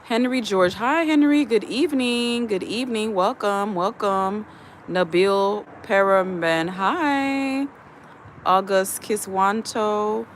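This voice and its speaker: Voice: medium pitch, fairly even intonation, takes it slowly, slight background noise. A host chatting casually on a livestream from outdoors, greeting viewers one by one and reading their comments aloud into a phone. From USA. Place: outdoors in the evening, chilly. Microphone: phone camera, speaker behind it.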